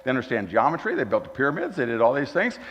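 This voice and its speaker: Folksy male guest preacher, expressive delivery, muffled recording with long church echo. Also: mid-range voice, rapid-fire. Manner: folksy, animated, swings from loud emphasis to quiet asides. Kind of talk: sermon. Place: church hall. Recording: dull recording with long hall reverb.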